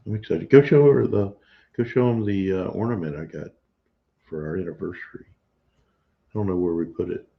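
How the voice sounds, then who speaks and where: Gravelly man chatting on a stream. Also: sits low, normal speed, long pauses. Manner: chatty, laughs often, playful teasing. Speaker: co-host of a homestead live stream. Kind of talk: casual chat. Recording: dull lo-fi live stream audio.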